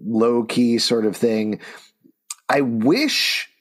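A man co-hosting a podcast in casual chat, talking in an animated, jokey, rambling way. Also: mid-range voice, extremely slow. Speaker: podcast co-host reviewing comics.

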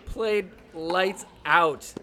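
A man hosting a podcast, giving casual, joking commentary over sports highlights. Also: drawn-out words, background noise. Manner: playful, joking, laughs often. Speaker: podcast host.

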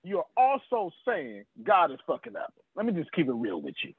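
A man, preaching sales with a husky voice and pitch that swings wildly up and down. He talks straight to his listeners by name and curses freely. The sound is a tinny, phone-like, dry video call. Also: wildly swooping pitch, normal speed, no echo. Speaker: sales trainer. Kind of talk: animated preacher-like teaching.

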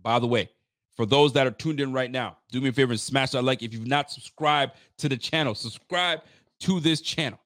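A man's voice: medium pitch, a little fast, a bit bright, no echo, clean studio sound. Hyped, trash-talking man on a live sports stream. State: tired. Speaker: sports fan channel host. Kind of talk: live post-game reaction stream.

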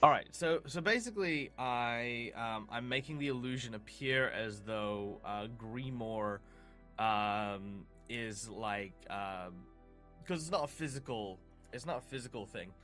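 Guy rambling through his game turn, bright voice, soft music. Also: mid-range voice, a little slow. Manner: rambling, with many fillers. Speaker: player. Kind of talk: tabletop game play. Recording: faint music behind.

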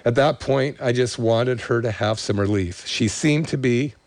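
A man's voice: mid-range voice, moderate pace, darkish tone, no echo. Emotional man reading a testimonial. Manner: emotional, choking up while reading; enthusiastic, promoting his practice. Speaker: chiropractor. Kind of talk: reading a patient testimonial aloud and chatting.

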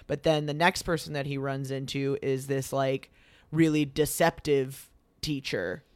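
Smooth-voiced young man telling a story. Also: mid-range voice, measured pace, no room sound. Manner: animated retelling that acts out quoted lines, lots of fillers. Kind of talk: casual storytelling chat.

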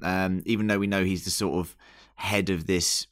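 A man's voice: deep voice, steady tone, moderate pace, fairly bright tone, no echo, studio quality. A man hosting a casual podcast chat, leading the talk in a teasing, upbeat way. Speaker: podcast host.

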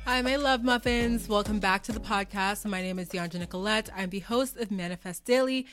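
A woman's voice: medium pitch, steady tone, brisk, fairly bright tone, faint music behind. A young woman hosting a podcast, bubbly and gushing, chatty with casual slang. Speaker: podcast host.

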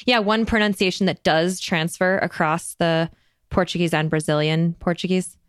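A woman's voice: lowish voice, fairly even intonation, normal speed, smooth, no echo. Woman hosting a podcast, chatty and joking, dry close-up sound. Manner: playful, chatty. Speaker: podcast host. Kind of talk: casual conversation.

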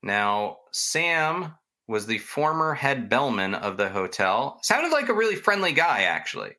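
A man's voice: medium pitch, very animated, measured pace, sharp tone. A man hosting a podcast, casually telling ghost stories in a chatty, rambling way and poking fun at himself. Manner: chatty, rambling, self-mocking. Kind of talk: casual storytelling chat.

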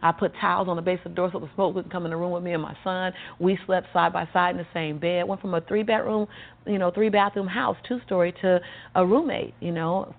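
Gravelly woman, tinny phone-like sound. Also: on the low side. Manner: emphatic, repetitive preaching cadence. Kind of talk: personal storytelling in conversation. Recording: tinny phone-like audio with faint music.

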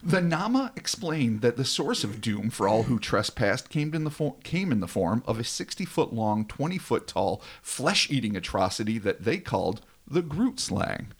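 A man's voice: mid-range voice, big pitch swings, moderate pace, few pauses. A man hosting a casual podcast, reading a dramatic script aloud and breaking off into joking asides. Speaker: podcast host.

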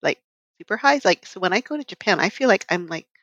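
A woman chatting on a podcast panel, lively and expressive, laughing easily. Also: medium pitch, fast talker, no room sound, highs cut off. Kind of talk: casual chat.

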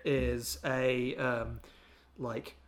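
A chatty man co-hosting a film podcast, talking in an animated, mocking way and slipping into exaggerated impressions now and then. His voice sits at a middling pitch. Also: very slow. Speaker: podcast co-host. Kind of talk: casual film review chat.

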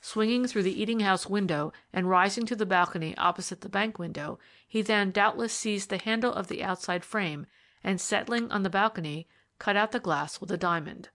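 A woman narrating a period detective story in a steady, measured reading style. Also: mid-range voice. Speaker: audiobook reader. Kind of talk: scripted narration.

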